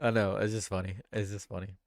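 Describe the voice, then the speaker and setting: Smooth-voiced joking male streamer. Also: on the low side, level tone, fast. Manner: joking, chatty, reads and answers chat. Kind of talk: casual live-stream commentary.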